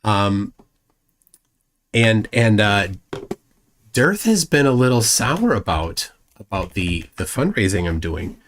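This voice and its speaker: Male live-stream host, somewhat low voice, loose rambling delivery full of ums and restarts. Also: very animated, slow pace, pauses often. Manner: mocking asides to a rival. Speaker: livestream host. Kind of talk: casual live-stream chat.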